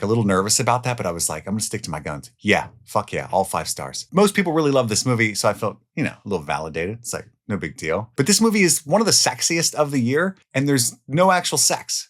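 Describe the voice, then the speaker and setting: Low-voiced man reviewing films. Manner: enthusiastic, swears casually, jumps between loud highs and quiet lows. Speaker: film reviewer. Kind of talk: casual spoken movie countdown.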